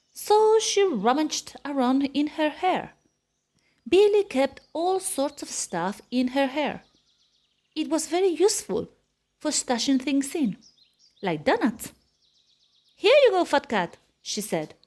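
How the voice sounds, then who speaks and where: Woman reading a kids picture book, slow and sing-songy, high voice. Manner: animated, expressive storytelling. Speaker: storybook reader.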